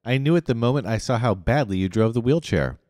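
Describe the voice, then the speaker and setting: A man voicing an earnest eleven-year-old boy who speaks with calm insistence in an audiobook. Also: medium pitch, fairly quick, no echo, clean studio sound, in a large hall, pitched above the performer's own voice, lightly acted. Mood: insistent.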